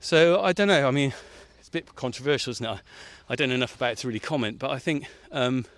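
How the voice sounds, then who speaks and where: A farmer on a radio feature chats casually outdoors in a farm field while he digs and works, laughing often and puffing from the effort. His medium-pitched voice is fast and a bit bright, in a dry recording.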